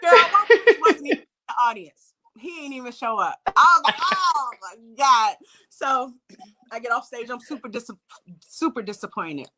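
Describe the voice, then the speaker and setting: Bright-voiced D.C. woman telling a wild story. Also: high-pitched, normal speed. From Washington, D.C. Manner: animated, acts out voices, laughs, swears freely. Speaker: singer and guest. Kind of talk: casual storytelling.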